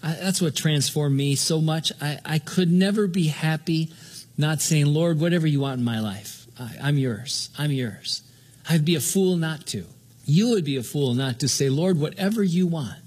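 An older man delivering a sermon, his voice somewhat husky and pitched a little high for a man. He preaches earnestly but conversationally, often restarting his sentences as he goes. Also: normal speed, darkish tone. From Southern California. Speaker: pastor.

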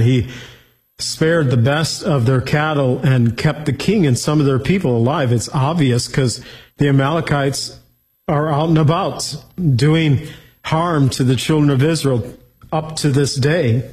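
Husky-voiced man teaching the Bible. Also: fairly high pitch, darkish tone, low-quality recording. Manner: reads scripture aloud, then explains it plainly.

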